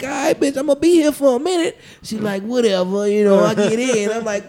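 A man's voice: sits high, brisk, hardly any pauses. A man telling a crude comic story on a podcast, acting out the people in it with lots of slang. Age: adult, calls himself old now. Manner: animated storyteller, crude slang, acts out voices.

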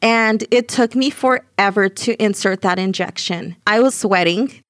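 A young adult woman telling her own story in an interview, getting animated when she acts out scenes. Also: medium pitch, unhurried, dry recording, clean studio sound. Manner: animated, voices rise when reenacting scenes.

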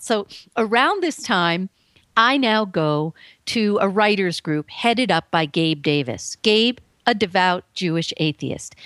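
A woman guest telling her story on an interview show, earnest and emphatic, acting out the voices she quotes with big pitch swings. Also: fairly bright tone, no room sound. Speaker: guest author. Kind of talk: animated personal storytelling.

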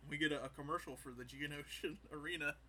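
A man co-hosting a podcast, casually recapping a show and acting out scenes with quick quoted voices. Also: on the high side, steady tone, sharp tone, slight background noise. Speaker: podcast co-host.

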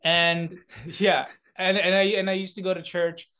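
A man's voice: high voice, flat delivery, a little slow, pushed and bright. A young man from South Korea, a comedian and beatboxer, chatting as a guest with lots of fillers, restarts and laughter. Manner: rambling, many filler words and restarts, laughs often. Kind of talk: casual interview chat.

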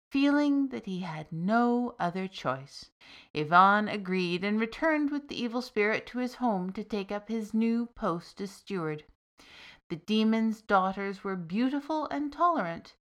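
A woman narrating a fairy tale in a measured, expressive storytelling manner. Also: mid-range voice.

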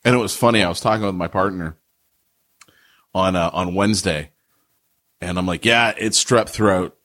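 A man co-hosting a podcast, telling stories in a relaxed, chatty way. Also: deep voice, normal speed, dry recording, studio quality. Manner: relaxed, chatty storyteller who laughs easily. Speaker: podcast co-host. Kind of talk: casual chat.

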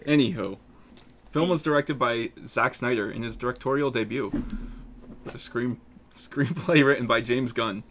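A man's voice: mid-range voice, moderate pace, background noise. A man co-hosting a podcast, reading out film facts in an offhand, casual way. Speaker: podcast co-host. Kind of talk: casual group banter.

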